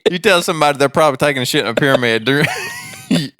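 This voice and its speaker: A man's voice: fairly high pitch, very fast, sharp tone, clean tone, no echo, clean studio sound. A man, co-hosting a podcast in casual chat and laughing a lot. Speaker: podcast co-host.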